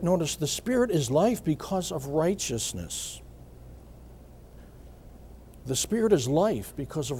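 A middle-aged man delivers a sermon in a husky, mellow voice that sits a little high for a man. He preaches at a measured pace, repeats his key phrases, and often pauses to clear his throat. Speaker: pastor.

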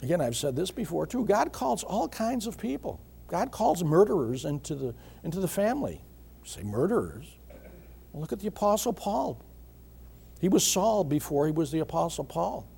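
Husky, mellow-voiced man preaching a sermon. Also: high-pitched, very animated. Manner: measured preaching with repeated phrases and frequent throat clearing. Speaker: pastor.

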